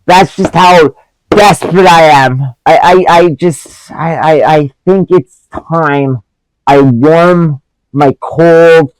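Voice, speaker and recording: A man's voice: on the high side, takes it slowly, smooth, no room sound, rough recording. A man reviewing movies in a profane, sarcastic comedic rant. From Canada.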